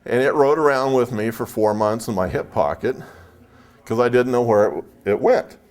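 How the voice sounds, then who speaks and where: A man's voice: medium pitch, normal speed, darkish tone. A man from San Jose, California, telling a chatty, anecdotal story to a live audience as a speaker at a spiritual expo, acting out the dialogue.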